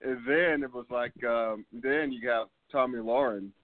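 A man's voice: medium pitch, unhurried, dry recording. Rambling male sports podcast host on a phone line. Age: 50s. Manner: loose and rambling, with many fillers and laughs. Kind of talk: casual sports talk. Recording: phone-like line, dry sound.

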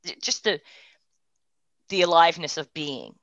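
A woman tells her story in a heartfelt personal testimony. Her voice drops to a hush, then lifts into quick, animated bursts. The sound is dry and a little muffled, as on a lo-fi recording. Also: lowish voice, dry recording. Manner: heartfelt, swings from hushed to animated. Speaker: guest sharing a personal story.

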